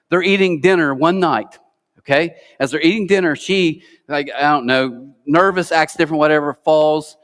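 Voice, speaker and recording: A middle-aged American man preaching an Easter sermon, telling stories with lively acted-out quotes. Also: on the high side. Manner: animated storytelling, acts out quoted voices. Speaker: pastor. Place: large church auditorium. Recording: long hall reverb.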